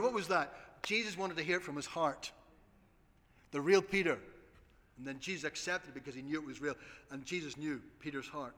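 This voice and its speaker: A man's voice: a little high, a little fast, fairly bright tone. A man preaching a sermon, earnestly appealing to his congregation. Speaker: pastor. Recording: long hall reverb.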